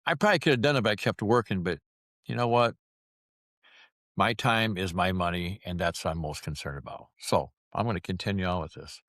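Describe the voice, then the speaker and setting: A man's voice: deep voice, a little fast, a bit bright, no echo, clean studio sound. A man in his sixties telling stories to camera with wry, folksy, self-mocking humor. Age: 60s. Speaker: vlogger. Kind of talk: casual storytelling to camera.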